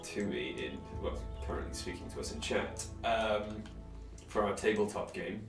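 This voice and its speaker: A man's voice: fairly low pitch, animated, moderate pace. A man chatting casually while streaming a game, rambling and self-deprecating, with many fillers. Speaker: game streamer and dungeon master. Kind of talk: casual let's-play chat. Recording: roomy from mic distance. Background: game music.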